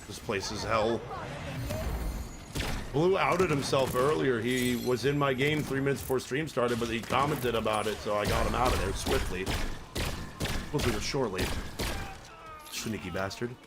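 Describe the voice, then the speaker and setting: A man's voice: mid-range voice, normal speed, pauses often. A man streaming a game and chatting live with viewers, crude and joking as he rambles. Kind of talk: live gameplay commentary.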